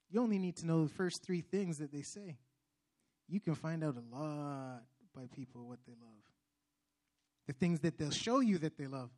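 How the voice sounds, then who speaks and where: A young man giving an earnest testimony sermon, preacherly, with restarts and loud emphatic bursts. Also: a little high.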